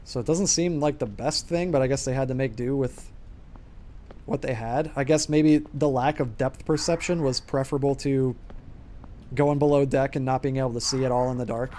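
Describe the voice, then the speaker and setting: A man's voice: medium pitch, steady tone, moderate pace, mellow, a little hiss or hum. A man streaming a game, chatting casually and rambling with lots of filler words. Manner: rambling, filler-heavy chatter with frequent laughs. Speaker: gaming streamer. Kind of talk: casual gaming commentary.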